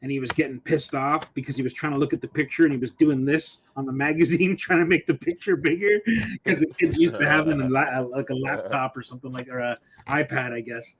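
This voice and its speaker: A man's voice: mid-range voice, steady tone, fast, hardly any pauses, fairly bright tone. A man chatting casually on a video call, rambling through a story and swearing freely. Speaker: guest artist. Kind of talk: casual live-stream chat.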